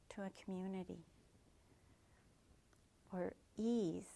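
A woman meditation teacher giving a dharma talk in a gentle, reflective way with soft asides. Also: mid-range voice, a little slow, vocal fry, long pauses.

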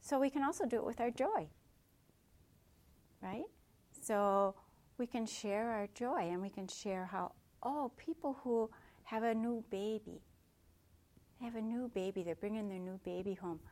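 A woman meditation teacher giving a dharma talk in a gentle, reflective way with soft asides. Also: a little high, unhurried, pauses often.

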